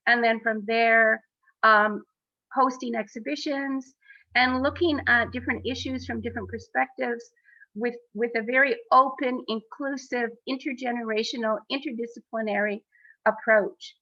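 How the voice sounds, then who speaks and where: A woman co-founder speaking on a panel over a video call, in an earnest, halting way with many fillers. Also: on the high side, steady tone, bright, forceful tone, dry recording, highs cut off. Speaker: exhibition co-founder.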